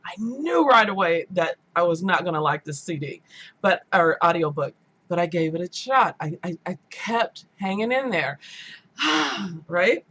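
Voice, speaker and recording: A chatty woman hosts a live book stream from her room at home. Her voice is bright and forward, and she talks in an animated, loose way with bits of playful mimicry. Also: fairly low pitch. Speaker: book channel host. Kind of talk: casual live-stream chat.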